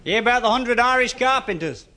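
A man's voice: very high voice, brisk. A man doing stand-up, telling a run of short jokes and acting out the characters' lines. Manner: lively joke delivery with quoted voices. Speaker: stand-up comedian.

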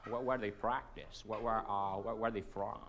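Halting American tourist, put on by a man in a comedy story, low and slow, stumbling over every question. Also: fairly even intonation. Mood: puzzled. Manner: stammering, repeats words. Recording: loud noisy recording.

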